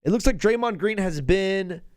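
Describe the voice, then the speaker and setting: A man hosting a live basketball call-in show, talking in an excitable, joking, rambling way. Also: high voice, normal speed, smooth, no room sound. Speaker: host.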